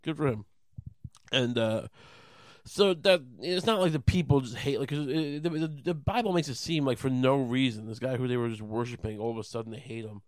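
A man's voice: mid-range voice, brisk, no echo. A young man casually retelling a story in a rambling, sarcastic way, swearing a lot and restarting his sentences often.

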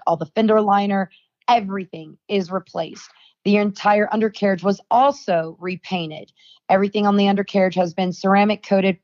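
A woman's voice: medium pitch, darkish tone. A young adult woman, a podcast guest, telling a story in casual chat and acting out the quoted dialogue. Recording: dull, lo-fi dry sound.

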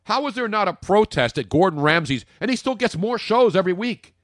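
A man's voice: lively intonation, brisk, a bit bright, no echo, clean studio sound. Ranting man on a sports talk show. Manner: ranting, jokey, big swings in pitch. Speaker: podcast co-host. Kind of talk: casual sports talk radio banter.

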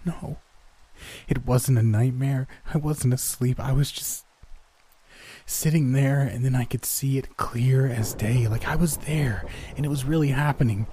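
A man's voice: mid-range voice, measured pace, dark tone, pitched above the performer's own voice, natural voice. A man voicing a scratchy, feverish young woman. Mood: insistent. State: hoarse, struggling to breathe.

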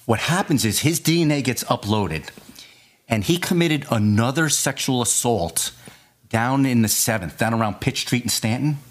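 A man, a former detective, telling a case story in casual chat, animated and often repeating his words. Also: medium pitch, normal speed.

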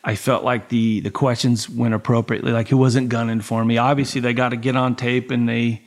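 Profane, animated male podcast guest. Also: mid-range voice, brisk. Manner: profane, animated, acts out the voices in his stories. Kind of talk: casual podcast storytelling.

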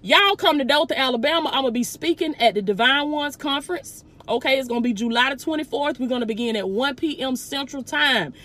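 A woman's voice: high-pitched, a little fast, hardly any pauses, fairly bright tone. A woman with a Southern US accent, a motivational speaker preaching fervently to online viewers from inside a truck, calling them "baby" and praising God. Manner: fervent preaching, calls listeners "baby", exclaims "glory be to God". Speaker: motivational speaker and life coach.

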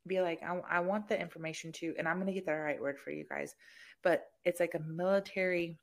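Low, gravelly-voiced woman. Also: steady tone, brisk. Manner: gravelly, gives advice directly. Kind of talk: casual chat.

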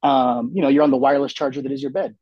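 A man's voice: mid-range voice, very fast, no room sound, muffled recording. A man telling a personal story in casual conversation, acting out the people he quotes. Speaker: guest telling his story.

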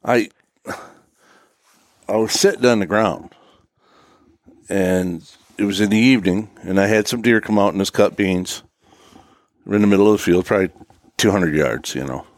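A man's voice: lowish voice, moderate pace, long pauses, no echo, studio quality. A man recounting a hunting trip in a rambling casual way, filling gaps with "you know". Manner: rambling, lots of "you know", laughs at himself. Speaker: podcast co-host. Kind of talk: casual chat.

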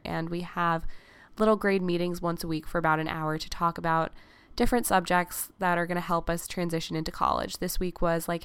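An eighteen-year-old woman, hoarse from being sick, hosting a casual solo podcast in a chatty, reflective way. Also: fairly low pitch, a bit bright, dry recording. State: hoarse from illness. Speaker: podcast host.

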